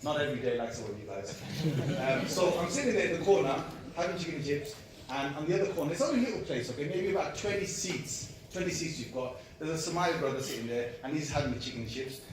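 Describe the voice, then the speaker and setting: A man giving an animated storytelling lecture, acting out voices and laughing at his own jokes. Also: on the high side, fast, noisy background. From Britain. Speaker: Islamic lecturer. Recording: echoey hall, speaker far from the mic.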